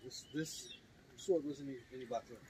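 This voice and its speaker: A man with a Trinidadian accent preaching on a city street, reading scripture slowly and loudly, then explaining it in casual talk. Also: medium pitch. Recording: distant mic, loud street noise.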